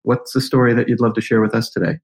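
A man hosting a podcast, asking his guest questions and summarizing key ideas in a measured way. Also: mid-range voice. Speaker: podcast host. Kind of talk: interview questions.

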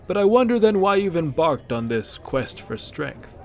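A venerable old warrior leader, voiced by a male narrator, speaking with calm, dignified wisdom. His tone is steady and a bit louder than the narration. A storybook elder. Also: a little high, moderate pace, gravelly, pitched above the performer's own voice.

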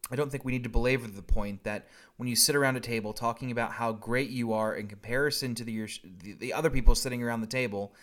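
A man's voice: medium pitch, fairly bright tone. Brief: male pastor, blunt and wry, preaching in a casual, conversational way. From Southern US. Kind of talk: recorded sermon.

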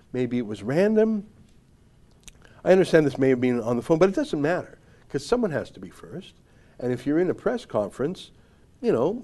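A male host delivers opinionated commentary with biting sarcasm and heavy emphasis. His voice sits a bit high for a man and swings widely, rising and falling with each jab. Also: mellow.

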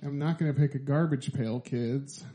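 A man's voice: mid-range voice, fairly even intonation, moderate pace, dark tone. A man co-hosting a casual podcast, laughing often and reading lists in a mock announcer voice. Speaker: podcast co-host. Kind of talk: casual chat, reading out list.

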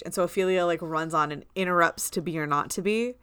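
Bright-voiced woman, animated storyteller. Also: deep voice, brisk, few pauses, clear, resonant tone, dry recording. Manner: animated storyteller, acts out quoted lines. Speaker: podcast co-host. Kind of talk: casual chat.

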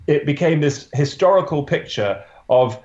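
A man who is a portrait photographer, telling a story in an interview, halting often with restarts and "you know" fillers. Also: a little high, animated, darkish tone, reverberant, muffled recording.

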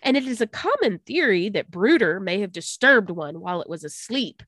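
A woman's voice: mid-range voice, moderate pace, no room sound. Dry-voiced woman telling a story. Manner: animated storytelling, laughs and stumbles over names. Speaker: podcast co-host. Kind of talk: casual history storytelling chat.

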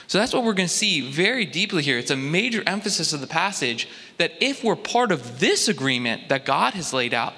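A man preaching a sermon in a measured, explanatory way with deliberate pauses. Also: on the high side, sing-song, sharp tone, big-room sound. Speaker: pastor.

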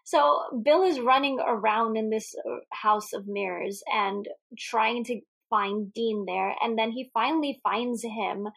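A woman's voice: on the high side, unhurried, gravelly, few pauses, a bit bright. A woman co-hosting a podcast, chatting casually about a movie, laughing often and swearing freely. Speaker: podcast co-host. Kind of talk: casual movie recap chat.

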